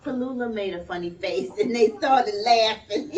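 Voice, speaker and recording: A woman librarian reading a picture book aloud to small children in an animated, sing-song way, recorded in a library. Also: a little high, takes it slowly. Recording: distant, dull lo-fi sound.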